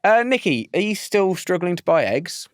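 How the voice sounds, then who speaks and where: A British man hosting a casual podcast chat, asking questions in a playful, lively way. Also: sits high, normal speed, dry recording, studio quality. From Britain. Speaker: podcast host.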